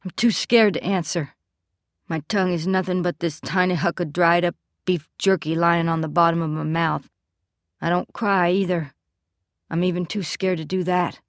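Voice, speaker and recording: A woman giving scripted first-person narration of a story in a measured, steady storytelling delivery. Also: lowish voice, dry recording, clean studio sound. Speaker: audiobook narrator.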